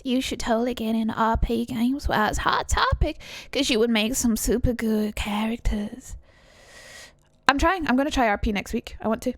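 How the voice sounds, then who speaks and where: Young woman, streamer, casual, chatty, swears now and then, highish voice, dry sound. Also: lively intonation, moderate pace, a bit bright, dry recording. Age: young adult. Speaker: streamer teaching accents. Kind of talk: casual live-stream chat.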